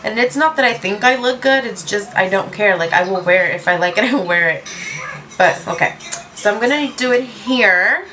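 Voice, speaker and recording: Speaking from her room in a mid-range, pushed and bright voice with lively intonation, this lipstick-reviewing vlogger keeps a normal pace on a low-quality recording. She rambles chattily, mocks herself, and sprinkles in Spanish.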